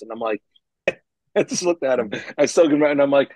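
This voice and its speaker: A man recounts business setbacks in a casual podcast conversation. He speaks at an ordinary pitch, jumping into voices as he acts out quoted dialogue. His voice is dry and close, with no room echo. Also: normal speed, pauses often. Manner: animated, acts out quoted dialogue, frequent laughs.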